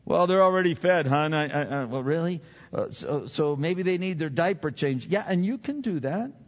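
A man's voice: fairly high pitch, lively intonation, normal speed, a little mellow. An older man preaching a sermon as pastor, chatty and self-deprecating, often repeating his words. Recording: dull sound with long hall reverb.

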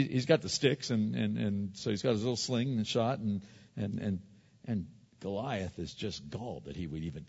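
Conversational preacher in a reverberant hall. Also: male voice, lowish voice, vocal fry, darkish tone. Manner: conversational, repetitive, many fillers and restarts; retells scenes with playful quoted voices. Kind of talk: sermon. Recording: dull hall recording with long reverb.

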